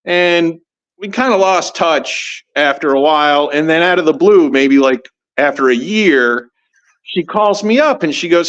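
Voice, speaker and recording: A middle-aged man, a podcast guest, telling a story in a lively, animated way and acting out the voices of people he quotes. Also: a little high, unhurried, dull audio. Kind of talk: casual storytelling.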